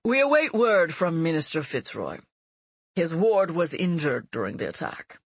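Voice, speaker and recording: A woman voicing a nasal, uneasy male prime minister in an audiobook, slightly husky. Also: fairly low pitch, sing-song, moderate pace, dry recording, exaggerated voice. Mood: placating.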